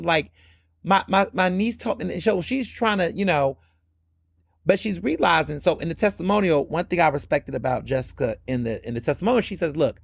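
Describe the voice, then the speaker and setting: A man hosting a podcast, recapping a reality show in casual, animated commentary and slipping into the voices of the people he quotes. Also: fairly high pitch, a little fast, gravelly, no echo, clean studio sound. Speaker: podcast host.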